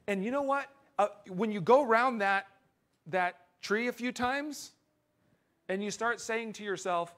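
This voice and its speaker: A middle-aged man preaching a sermon as pastor, earnest and emphatic, dropping into quiet confessional stretches. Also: high voice, normal speed.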